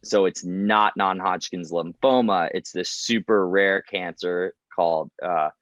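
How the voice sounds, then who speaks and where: A man's voice: deep voice, a little slow, no echo. A young man, a podcast guest, telling his story candidly and animatedly, acting out what others said and filling his talk with "like". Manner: animated, acts out quoted voices, lots of "like". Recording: dry, slightly dull podcast audio.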